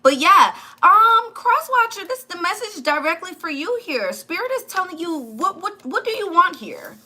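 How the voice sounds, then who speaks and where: A woman's voice: very high voice, sing-song, moderate pace, pushed and bright. A woman giving a live tarot reading, chatty and blunt, talking straight to her viewers. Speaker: tarot reader.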